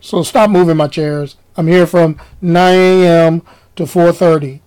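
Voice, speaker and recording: Man doing a bored, monotone beach chair attendant: flat, low and weary. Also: measured pace, smooth, close to an everyday voice. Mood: weary pleading.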